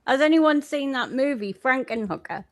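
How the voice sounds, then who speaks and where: A woman's voice: sits high, animated, moderate pace, dry recording. A woman on a podcast panel making enthusiastic, laughing asides in a casual fan-show discussion.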